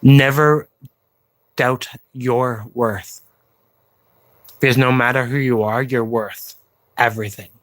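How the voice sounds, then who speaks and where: Slow, earnest man talking to viewers. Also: mid-range voice, steady tone, fairly bright tone, no room sound. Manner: slow, halting delivery with pauses and fillers; encouraging, plain-spoken. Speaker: YouTube vlogger.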